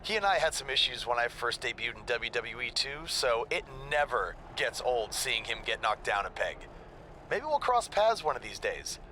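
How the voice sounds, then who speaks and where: Friendly wrestler, lively bright voice, game character. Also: male voice, mid-range voice, moderate pace, slight background noise. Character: friendly male pro wrestler, laid-back.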